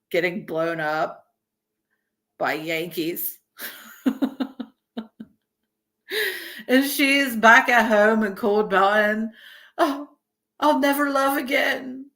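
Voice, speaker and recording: Woman, early 30s, streamer; bright, unhurried, chatty and profane. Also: medium pitch. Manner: chatty, swears freely, laughs often. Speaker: streamer reacting to a video. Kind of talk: casual live-stream chat.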